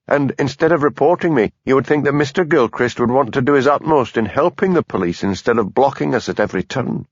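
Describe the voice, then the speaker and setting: A man doing an earnest Highland constable. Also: no room sound, lo-fi sound, close to an everyday voice. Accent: Scottish Highland. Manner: earnest, persuasive. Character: nervous young Highland police constable, pleading.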